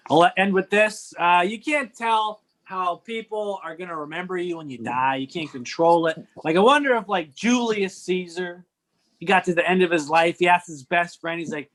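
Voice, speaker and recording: A man's voice: high voice, moderate pace, fairly bright tone. A man doing a stand-up set over a video call, wry and rambling with offhand observational jokes. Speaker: stand-up comedian.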